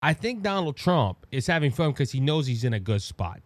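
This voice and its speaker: A man with a Cajun Louisiana accent hosting his own show, giving animated, mocking political commentary full of restarts and asides. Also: mid-range voice, moderate pace, dry recording. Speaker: podcast host.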